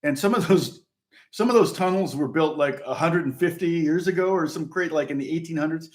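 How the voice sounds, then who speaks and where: A man's voice: fairly high pitch, brisk. A middle-aged man from the United States, a guitar teacher talking in a rambling, casual way with frequent laughs and restarts. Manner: rambling, chatty, laughs often, many restarts. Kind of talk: casual live-stream chat.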